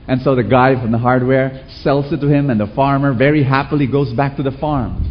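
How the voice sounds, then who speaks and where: A man's voice: medium pitch, brisk, few pauses, muffled recording, a little hiss or hum. A male preacher giving a sermon with call-and-response, telling stories and asking the congregation rhetorical questions. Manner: animated storytelling, rhetorical questions.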